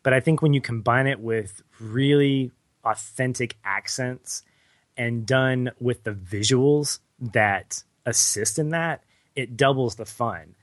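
A man co-hosting a film podcast, talking through his points in a measured, thoughtful way with the occasional chuckle. His voice sits at a middle pitch and sounds dry and close. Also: no room sound. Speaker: podcast co-host. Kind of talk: casual movie review chat.

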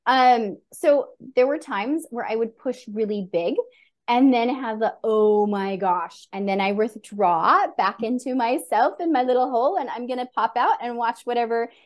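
A middle-aged woman coach, a podcast guest, telling stories in an earnest, animated way. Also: a little high, moderate pace. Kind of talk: conversational interview.

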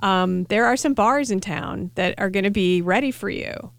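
A woman's voice: mid-range voice, moderate pace, creaky, no echo. A woman co-hosting a casual radio food chat, wry and chatty, often restarting her sentences. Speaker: co-host, food writer.

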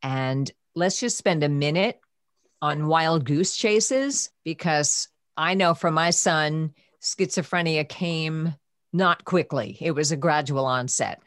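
In a podcast conversation, a middle-aged woman with a low voice recalls a difficult period of her life. She talks slowly, softly and emotionally, at times dropping to a whisper. The recording is close and dry, with no echo.

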